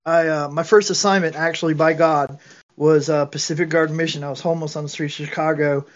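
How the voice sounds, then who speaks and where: A man's voice: fairly high pitch, steady tone, fast talker, dull audio. A man from Georgia, US, sharing earnestly in an online bible study, preachy and repetitive, with restarts.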